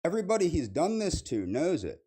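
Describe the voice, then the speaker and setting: A man's voice: a little high, very animated, fairly quick, mellow, breathy edge. Man repeating a bitter accusation. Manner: accusatory, repeats the same charge. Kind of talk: clip played on stream.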